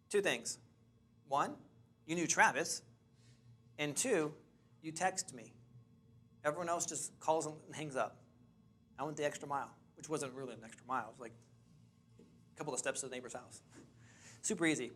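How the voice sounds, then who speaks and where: A man in a training session, telling animated stories about finding property to a class. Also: fairly high pitch, fairly quick, pauses often, husky. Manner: animated, chatty, restarts and laughs. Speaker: real estate investing trainer. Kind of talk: lively storytelling to a class.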